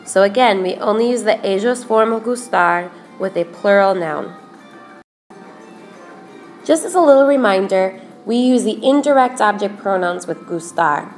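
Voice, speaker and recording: Woman teacher, unhurried explainer, middle pitch, faint music under the voice. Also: animated. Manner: slow, careful explaining, repeats examples. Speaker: Spanish teacher. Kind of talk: recorded grammar lesson.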